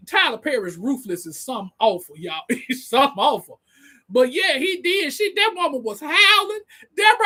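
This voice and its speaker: An extremely high-pitched man hosts a casual commentary stream, excitable and laughing. He stumbles and repeats words while talking directly to his audience.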